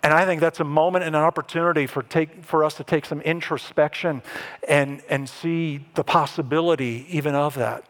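A man preaching a sermon as pastor, animated and lifting his voice when he acts out what others said. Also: fairly high pitch, moderate pace. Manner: animated preaching, voice rising to act out quoted speech.

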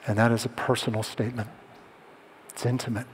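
A man preaching a sermon as a pastor, telling stories and dropping to soft, hushed tones to drive points home. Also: mid-range voice, fairly even intonation, a little fast, long reverb tail, a little hiss or hum. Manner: storytelling, drops to soft hushed tones for emphasis.

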